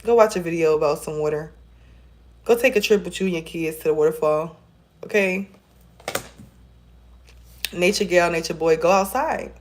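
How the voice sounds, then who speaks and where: A woman's voice: on the low side, normal speed, pauses often, a little mellow. A woman giving a casual tarot reading to her viewers, chatty and encouraging, calling them y'all, recorded on a phone camera. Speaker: tarot reader.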